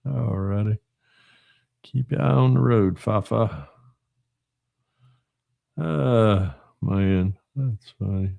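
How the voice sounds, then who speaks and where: A man's voice: lowish voice, drawn-out words, vocal fry, long pauses, no echo, phone-quality sound. A middle-aged man from Northwestern Georgia with a Southern accent, hosting a casual livestream while he builds a model car and answers chat in a folksy drawl.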